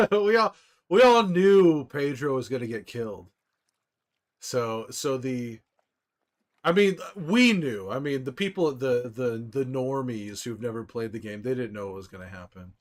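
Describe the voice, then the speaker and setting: A man livestreaming casually to his viewers, rambling excitedly with frequent restarts and laughs. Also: medium pitch, unhurried. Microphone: desktop microphone.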